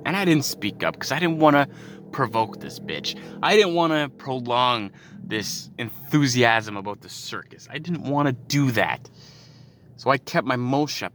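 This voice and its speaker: Behind the wheel of a moving car, a podcast host from Canada delivers a profane rant, exasperated and packed with asides. He speaks at normal speed in a sing-song, mid-range voice with a fairly bright tone, while faint car noise hums in the background.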